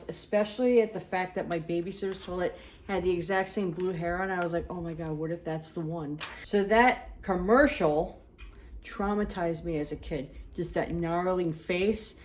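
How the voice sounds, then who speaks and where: A woman co-host tells stories from her childhood in a casual, chatty way. Her voice sits at an everyday middle pitch. She keeps her anecdotes lively. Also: slight background noise. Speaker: podcast co-host. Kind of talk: casual storytelling.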